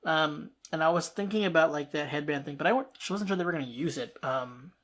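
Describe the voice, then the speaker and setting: A reaction-video host chatting loosely about a TV episode. The talk wanders and restarts itself, broken up by short laughs, in a middling voice that is neither high nor low. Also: quick pace, a bit bright. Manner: rambling, restarts thoughts, laughs often. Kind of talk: casual reaction commentary.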